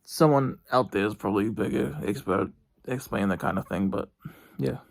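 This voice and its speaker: A young man, reviewing a TV show from his bedroom in a rambling, halting way with lots of fillers and restarts. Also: on the low side, creaky, no room sound. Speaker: vlogger. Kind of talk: casual TV review monologue.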